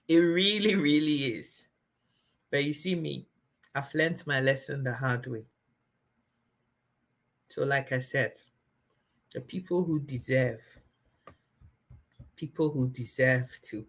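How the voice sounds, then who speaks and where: A woman's voice: low-pitched, bright, forceful tone. A woman from Ghana, hosting a live stream and speaking bluntly and emphatically to viewers. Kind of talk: candid live stream talk.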